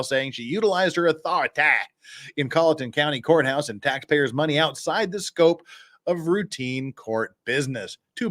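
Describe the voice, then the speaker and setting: A man's voice: a little high, fairly bright tone. A man with a Utah accent hosting a casual live stream, reading news articles aloud and breaking off into sarcastic asides. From Cache Valley, Utah. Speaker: host.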